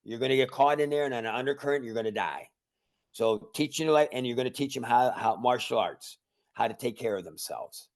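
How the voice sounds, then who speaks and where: A man with a gravelly, fry-laden voice tells stories in a loose, rambling way. He repeats himself and slips into quoted back-and-forth as he explains how he runs his martial arts school. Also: mid-range voice, fairly quick. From Cleveland, Ohio area. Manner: rambling, repeats words, acts out conversations. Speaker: judo instructor. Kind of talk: casual podcast storytelling. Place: remote call.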